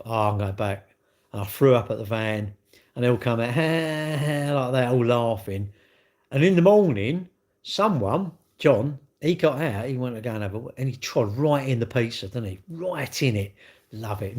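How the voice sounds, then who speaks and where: A middle-aged man, chatting casually and cheekily with viewers on a livestream. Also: medium pitch. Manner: chatty, cheeky banter, swearing. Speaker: livestream host. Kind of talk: casual livestream chat reading comments.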